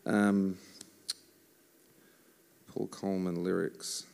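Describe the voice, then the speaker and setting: A man with a somewhat low voice talks casually from the stage between worship songs. He tells stories in a joking, self-mocking way and keeps the banter loose. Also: flat delivery, drawn-out words, creaky, darkish tone, clear, resonant tone. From Australia. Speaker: worship musician and songwriter. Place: church service.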